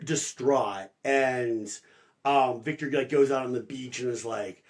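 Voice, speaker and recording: A man's voice: mid-range voice, a little slow. Chatty man retelling a plot loosely. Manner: retells the plot in loose paraphrase, many "like" fillers, mock-voicing characters. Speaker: podcast co-host. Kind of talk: casual book discussion.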